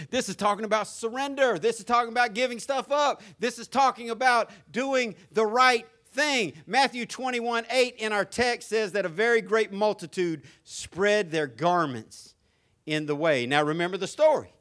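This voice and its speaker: An older man with a Southern US accent preaching a sermon as pastor, rising to shouted crescendos and dropping to low conversational asides. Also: moderate pace.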